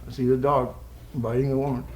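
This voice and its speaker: A man's voice: mid-range voice, little pitch movement, a little fast, darkish tone, a little hiss or hum. A man giving a live poetry reading with playful, rambling asides, chuckling between lines. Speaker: poet. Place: college social room with audience. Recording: echoey live room recording.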